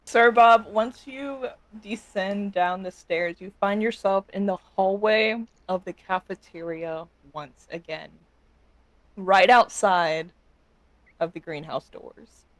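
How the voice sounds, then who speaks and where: Casting: a game master narrating a tabletop game, mid-pitched, slow and measured. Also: fairly bright tone, dry recording. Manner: slow, deliberate scene-setting narration.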